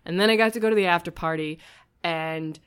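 A woman's voice: on the low side, fairly quick, smooth. A woman in her thirties, a podcast guest, telling a casual story and acting out the voices of people she quotes. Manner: animated, acts out quoted voices.

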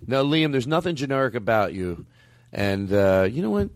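A man's voice: mid-range voice, big pitch swings, moderate pace, no room sound, clean studio sound. A man co-hosting a podcast in casual banter, joking and rambling, swearing often. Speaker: podcast co-host.

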